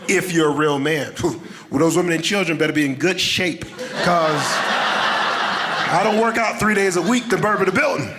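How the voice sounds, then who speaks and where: A man's voice: a little high, normal speed, crowd noise. A man doing stand-up in a wry, mock-serious way. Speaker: stand-up comedian. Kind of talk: stand-up comedy set.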